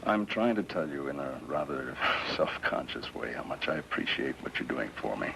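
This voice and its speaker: Troubled accused man, gravelly deep voice, wry, hissy old tape. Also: very animated, exaggerated voice. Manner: wry, self-mocking, halting. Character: troubled, wry male defendant, self-conscious. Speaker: defendant. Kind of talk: 1960s TV courtroom drama.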